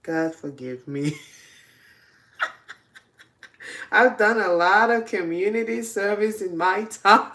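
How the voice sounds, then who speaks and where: A woman's voice: medium pitch, slow pace, pauses often, fairly bright tone. A young adult woman casually telling confessional stories, often breaking into laughter. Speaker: host. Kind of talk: casual storytelling.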